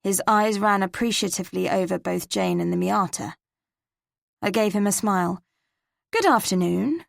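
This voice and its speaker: A woman with an English accent, narrating a cozy mystery in first person with measured, crisp delivery. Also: medium pitch, flat delivery, no echo, clean studio sound. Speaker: audiobook narrator.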